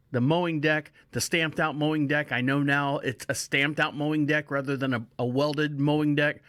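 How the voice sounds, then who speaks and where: A man's voice: fairly high pitch, fairly bright tone, no echo, clean studio sound. A man hosting a podcast, telling a rambling casual story and often restarting his phrases. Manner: chatty, repeats himself, restarts phrases. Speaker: podcast host.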